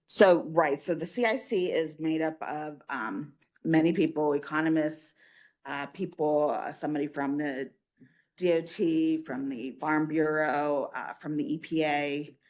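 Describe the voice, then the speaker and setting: A woman from a state agency presenting at a public commission meeting, answering questions in a measured way with frequent fillers. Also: low voice, fairly even intonation, a little mellow.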